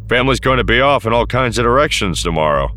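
Wry easygoing older rogue, lively and bright, read by a man. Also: mid-range voice, fast, pitched above the performer's own voice. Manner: wry, easygoing, lopsided grin. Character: wry, easygoing older male smuggler, father.

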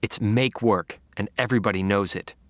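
A man reading the lines of a brusque, irritable female police detective, clipped and curt, a little lower and quieter than his narration. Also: normal speed, no room sound, clean studio sound, natural voice. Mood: bitter.

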